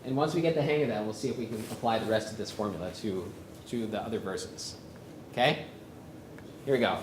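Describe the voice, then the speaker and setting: A man presenting a workshop on chanting psalms, speaking haltingly with many fillers and humming melodies to show them. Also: on the low side, background noise. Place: conference room with a live audience. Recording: roomy echo from a lecture space.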